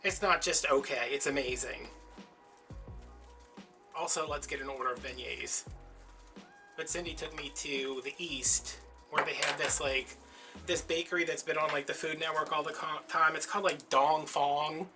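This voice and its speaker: A man's voice: a little high, steady tone, moderate pace, sharp tone, faint music behind. A man chatting casually while he makes a craft, telling stories and acting out the voices of people in them. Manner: chatty storyteller, acts out quoted voices. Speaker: crafting vlogger.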